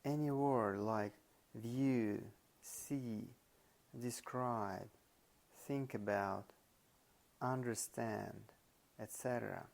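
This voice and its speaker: Slow, gravelly-voiced man reading nonfiction. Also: medium pitch, a little mellow. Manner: slow, deliberate reading with stressed example words. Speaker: audiobook reader. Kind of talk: nonfiction audiobook narration.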